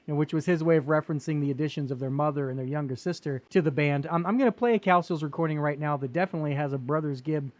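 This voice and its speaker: A man's voice: on the high side, a little mellow, dry recording. A man hosting a music interview podcast, asking questions and introducing a song. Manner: quick, chatty questions and setups. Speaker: podcast host.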